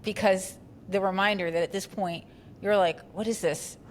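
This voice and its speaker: A woman's voice: mid-range voice, fairly even intonation, normal speed, slight background noise. A woman hosting a podcast interview, giving short, encouraging reactions to her guest. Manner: warm responsive listener, short reactions. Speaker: podcast host.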